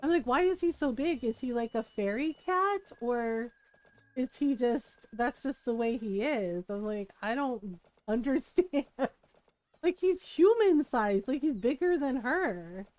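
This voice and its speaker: Somewhat high yet darkish in tone, this streamer's voice has lively intonation and a slow pace. While she plays a video game, she chats and rambles casually, laughing often between remarks.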